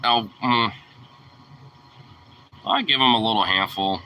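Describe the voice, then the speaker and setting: A young man with a very bright, edgy voice talks to his dog in a loose, teasing way. He laughs easily and swears freely as he chats. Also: lowish voice, slow pace, a little hiss or hum, poor audio. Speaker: vlogger. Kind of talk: casual chat to his dog.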